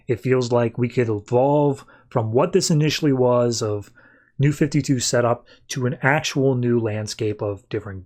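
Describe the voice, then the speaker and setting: A man's voice: mid-range voice, a little mellow. A man hosting a podcast, chatty as he recaps comics scene by scene. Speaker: podcast host. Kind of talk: casual comic book recap.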